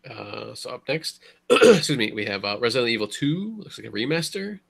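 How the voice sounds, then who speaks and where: Gravelly, husky man moderating. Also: medium pitch, big pitch swings, fairly bright tone. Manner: brisk moderating, passing turns. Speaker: podcast host. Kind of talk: casual chat.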